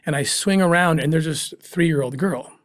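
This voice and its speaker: A man, a former special agent, telling a personal story as a guest in an interview, earnest and emotional, with pauses and restarts. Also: a little high, no room sound, clean studio sound.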